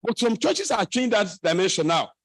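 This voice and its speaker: A middle-aged man with a Nigerian English accent addresses a conference, wandering into jokes and sermon-like asides as he goes. His voice sits high for a man, and the sound is close and dry, with little room echo. He often stumbles, restarts and repeats himself mid-sentence. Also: sing-song, brisk, a bit bright. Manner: digressive, humorous, preachy asides and restarts. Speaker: conference speaker. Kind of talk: lecture at a conference. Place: conference hall.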